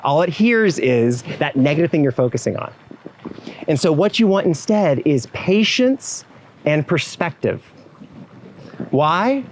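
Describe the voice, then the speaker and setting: A man's voice: a little high, slight background noise, low-quality recording. A man giving a motivational keynote speech to event professionals. He talks straight to the audience with frequent asides and acts out the voices he quotes. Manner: animated, acts out quoted inner voices and clients.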